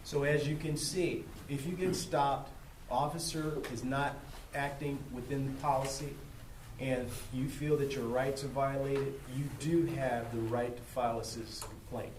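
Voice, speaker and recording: Measured male moderator, distant and echoey. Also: medium pitch, fairly even intonation, a little mellow, slight background noise. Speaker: host, moderator.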